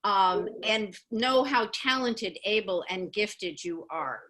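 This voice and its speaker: Woman facilitator, bright tense voice, gentle and encouraging, on a call. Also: medium pitch, takes it slowly, rough recording. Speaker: session facilitator. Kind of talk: online training talk. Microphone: video call.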